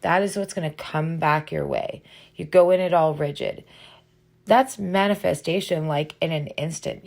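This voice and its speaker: Gravelly-voiced woman podcast host. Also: low voice, darkish tone. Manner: earnest, coaching, with frequent "right?" tags. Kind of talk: motivational monologue.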